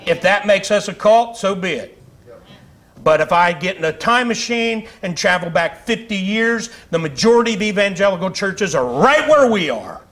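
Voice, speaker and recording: Male pastor, high-pitched, fiery conversational sermon delivery in a church. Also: animated, moderate pace, a bit bright. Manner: fiery, conversational preaching with asides and laughs. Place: church sanctuary.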